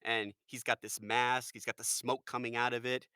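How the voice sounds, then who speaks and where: Bright, lively American man on a podcast. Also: medium pitch, normal speed, clean tone, no room sound, clean studio sound. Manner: animated, jokey, full of fillers. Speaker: voice actor guest. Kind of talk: casual podcast chat.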